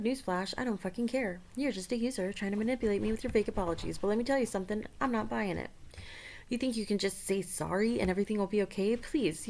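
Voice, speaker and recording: A woman's voice: medium pitch, lightly acted. A woman reading aloud the replies of a hostile chatbot, in a sneering, scornful manner with repeated put-downs. She uses her everyday voice. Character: hostile swaggering chatbot, contemptuous toward users.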